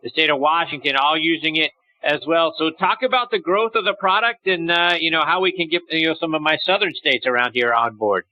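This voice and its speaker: A man's voice: fairly high pitch, fairly quick, pushed and bright, dry recording, muffled recording. A man hosting a radio interview, asking loose questions full of fillers. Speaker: radio show host.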